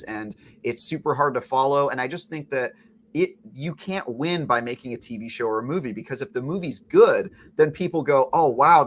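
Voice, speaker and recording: A man's voice: mid-range voice, fairly bright tone, a little hiss or hum. A man giving strong, emphatic opinions in a casual gaming podcast discussion.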